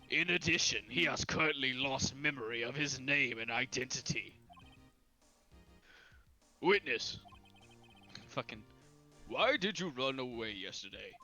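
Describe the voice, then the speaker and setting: A man's voice: mid-range voice, sharp tone, poor audio. A man on a casual live game stream who reads character lines aloud in a playful way and laughs often. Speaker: streamer reading game dialogue.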